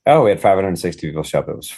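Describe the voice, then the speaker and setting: A man co-hosting a casual podcast chat, an animated and jokey storyteller. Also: deep voice, very fast, gravelly, husky. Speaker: podcast co-host and event organizer.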